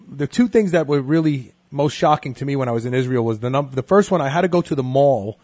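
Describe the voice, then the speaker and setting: A man's voice: mid-range voice, fast talker, dry recording. Chatty man telling a travel story. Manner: chatty, animated anecdotes. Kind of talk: casual interview, storytelling.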